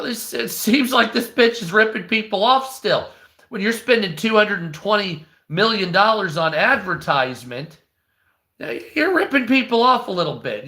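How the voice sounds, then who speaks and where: A man's voice: sits high, sharp tone. A man from the United States giving heated, profane, rambling commentary on a live news stream.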